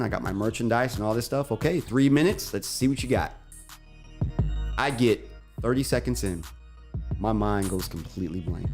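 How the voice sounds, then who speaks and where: A man co-hosting a radio talk show, telling a long personal story in a lively, animated way and acting out the other people's lines. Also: lowish voice.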